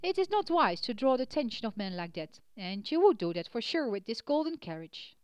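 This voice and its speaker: Storybook coachman, courteous and measured, high and lively in pitch, read by a woman. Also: clear, resonant tone, no room sound. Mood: polite. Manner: polite and measured, quietly warning. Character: polite male coachman of a magic carriage.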